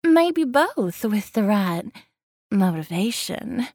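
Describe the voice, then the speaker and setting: A woman voicing a flirtatious woman with a heavy Southern accent, slow and drawling. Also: mid-range voice, sing-song, darkish tone, dry recording, clean studio sound, heavily acted. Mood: seductive.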